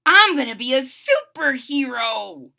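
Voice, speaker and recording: A woman voicing a gentle, modest young female puppy in a storybook read-aloud, speaking softly. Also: on the high side, very animated, measured pace, full character voice. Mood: modest cheerful. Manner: soft-spoken, modest.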